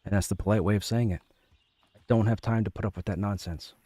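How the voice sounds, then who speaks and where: A man's voice: fairly low pitch, steady tone, quick pace, mellow, breathy edge, no echo. A man streaming a game from home, chatting casually and rambling, often repeating his phrases. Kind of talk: casual chat.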